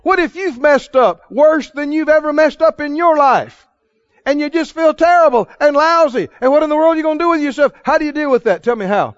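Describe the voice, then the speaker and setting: A man with a very high voice preaches a sermon, asking his listeners questions and drilling answers back to them. The sound is dry and a little muffled. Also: animated, a little fast, no echo. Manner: preaching with call-and-response questions to the congregation. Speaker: pastor.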